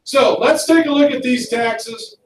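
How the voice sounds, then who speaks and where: A male history teacher lecturing a class in a lively, conversational way and asking students questions. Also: very high-pitched, unhurried, slight background noise. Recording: echoey classroom from far off.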